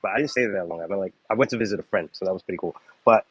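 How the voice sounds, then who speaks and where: A man's voice: low-pitched, rapid-fire, husky, no room sound. A man rambling casually on a live chat, full of fillers and restarts. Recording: dull lo-fi sound.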